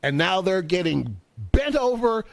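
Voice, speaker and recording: A man's voice: high voice, very animated, measured pace, creaky, dry recording. A man, a former show host, chatting casually and telling jokes, laughing often and acting out the voices in his stories. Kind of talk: casual comedic chat and storytelling.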